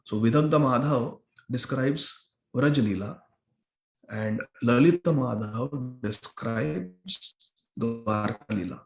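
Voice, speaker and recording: A man's voice: medium pitch, takes it slowly, creaky, a little mellow. A man giving a scripture class sermon in a temple hall, explaining a verse word by word and repeating phrases for emphasis. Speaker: temple lecturer. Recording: roomy echo of a hall.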